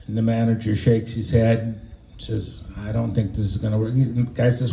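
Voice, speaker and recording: A man performing on a porch, telling a rambling shaggy dog joke with halting restarts and fillers. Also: on the low side, little pitch movement, gravelly, warm tone, reverberant, poor audio. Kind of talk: folksy joke telling and singing. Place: porch, outdoors.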